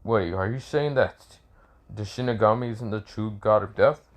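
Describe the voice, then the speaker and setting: An old male village leader protests in earnest disbelief, played by a man in his own lowish voice. There is no strong character voice, just plain, urgent objections. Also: moderate pace, lightly acted. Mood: shocked.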